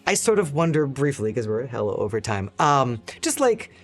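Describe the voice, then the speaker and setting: A man running a tabletop role-playing game as game master, giving descriptive, unhurried narration with quick asides. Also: mid-range voice, lively intonation, soft background music.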